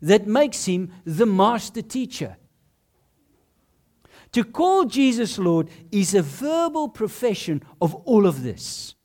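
Slow, expressive preacher's sermon voice. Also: medium pitch. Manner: emphatic, rhetorical questions; measured, punchy short phrases.

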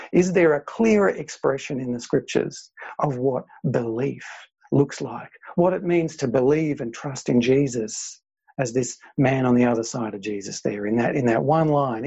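Husky male preacher, muffled recording. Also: a little high, dark tone. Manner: earnest preaching with frequent fillers and repeated phrases. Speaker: pastor. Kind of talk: sermon.

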